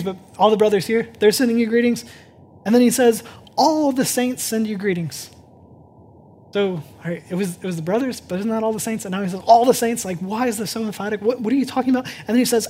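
A man preaching a sermon as pastor, talking conversationally and swinging from hushed to excited. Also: high-pitched, slightly rough. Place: church sanctuary.

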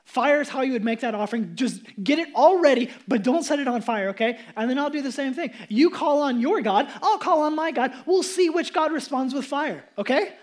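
A man's voice: very high-pitched, lively intonation, fairly quick, few pauses. A pastor voicing a bold male prophet who teases and challenges his rivals. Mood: bargaining. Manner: teasing, challenging, upbeat. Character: bold taunting male prophet, confident and playful.

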